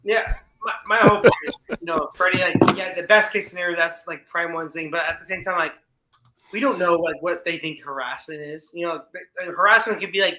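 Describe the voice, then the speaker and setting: Brief: hesitant co-host, slightly high voice, very bright edge. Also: male voice, a little fast, reverberant, low-quality recording. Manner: hesitant, repeats words. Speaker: livestream co-host. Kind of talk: casual chat.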